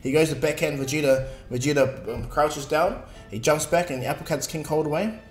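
A man's voice: a little high, a little fast. A man casually narrating a fan story in a rambling way, with filler words. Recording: echoey room, faint music.

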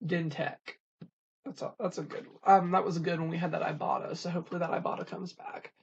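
A vlog host reads off coupon after coupon in a plain, casual list. The voice is gravelly and a little husky. The home recording sounds dull and lo-fi. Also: medium pitch, level tone, fast talker.

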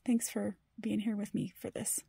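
A middle-aged woman in an excited unboxing vlog, gushing to her viewers and often dropping into breathy whispers. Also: medium pitch, normal speed, dry recording, clean studio sound. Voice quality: breathy, husky. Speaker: fountain pen vlogger.

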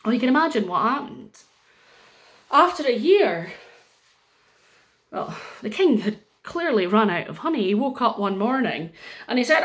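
A Scottish woman telling a story to young children, animated and sing-song, with pauses and chatty asides. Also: fairly high pitch. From Scotland.

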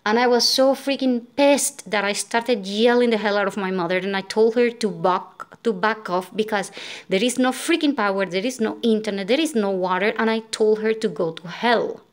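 Exhausted woman vlogger, venting frustration in a rambling rant, mid-pitched voice. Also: normal speed. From Venezuela. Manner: frustrated, venting, many fillers and restarts. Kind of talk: casual storytelling rant.

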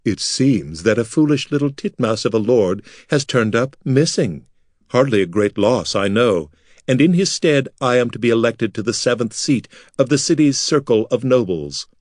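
A man voicing a cruel, scheming male noble who mocks his enemies in a smooth, theatrical manner. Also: medium pitch, expressive, moderate pace, a little mellow, no echo, studio quality, close to an everyday voice. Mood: mocking menace.

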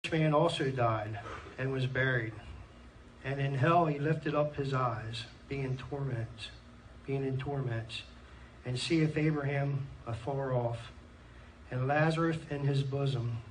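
A man's voice: medium pitch, unhurried. Earnest Pennsylvania man preaching, scripture and amens, distant mic in a church. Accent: Pennsylvania American. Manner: earnest, reads scripture aloud with frequent amens. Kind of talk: sermon. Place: church hall. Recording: distant mic in a church with faint room noise.

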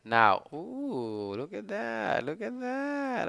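A man with a non-native English accent streaming a game live, ranting and swearing excitedly as he plays. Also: a little high, unhurried, creaky, few pauses. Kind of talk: live gameplay commentary.

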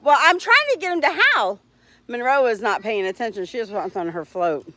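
A woman's voice: fairly high pitch, expressive, brisk, pushed and bright, no room sound. A woman hosting a casual livestream, talking cheerfully to her dogs and laughing often. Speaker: dog owner hosting a livestream.

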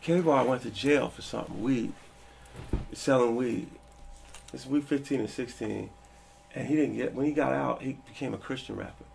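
A man in his forties telling stories from his past in a casual interview, animated and quick to act out the people in them. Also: mid-range voice, slight background noise. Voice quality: gravelly, husky. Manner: animated, acts out quoted people with a raised voice. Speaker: interview guest.

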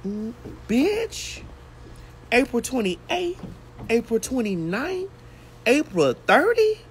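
A woman's voice: on the high side, very animated, takes it slowly. A woman hosting a casual phone livestream outdoors while getting her hair braided, telling a brash, profane story. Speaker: host.

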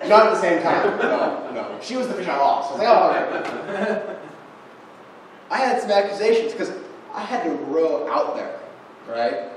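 A man's voice: sits high, sing-song, normal speed, crowd noise. Young man preaching in an echoey church. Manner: conversational, self-deprecating storytelling. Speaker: guest preacher. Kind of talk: sermon. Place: church sanctuary. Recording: echoey church room from far off, noisy.

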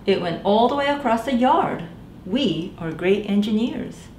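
A woman reading aloud, voicing a proud young boy builder in a children's storybook, slow and emphatic. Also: mid-range voice, animated, darkish tone, a little hiss or hum, voice pushed up, close to an everyday voice. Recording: echoey room.

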